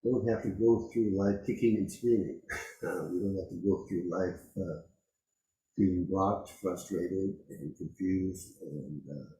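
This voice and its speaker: A man giving a dharma talk as a Zen teacher, reflective and unhurried, pausing often and laughing softly. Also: low voice, echoey room, poor audio. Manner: slow, reflective, with frequent pauses and soft laughs.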